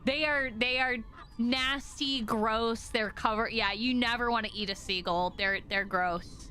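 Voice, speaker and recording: Excitable high-voiced woman streamer. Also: unhurried, slight background noise. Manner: excitable, swearing, exclamatory. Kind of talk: casual livestream reaction.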